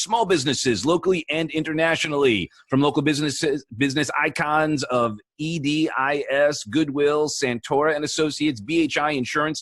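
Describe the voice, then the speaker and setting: An upbeat male host with an even, mid-pitched voice, recorded dry with no room sound. He reads a guest's bio in a playful radio-announcer manner before settling into easy conversation. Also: no room sound. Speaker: show host. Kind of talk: reading a guest introduction, then casual chat.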